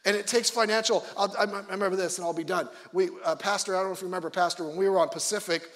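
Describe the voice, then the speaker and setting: A male pastor preaching a conversational sermon with joking asides, swinging between loud emphasis and quiet low remarks. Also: fairly even intonation, rapid-fire, long reverb tail.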